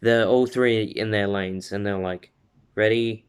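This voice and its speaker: A man's voice: fairly low pitch, fairly even intonation, a little slow, clean tone. A man casually retelling a fan story, rambling with fillers, stumbles and laughs.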